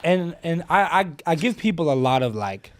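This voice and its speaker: A man guesting on a podcast, talking in relaxed, slangy casual chat with lots of fillers. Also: a little high, moderate pace, a little hiss or hum. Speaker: guest comedian.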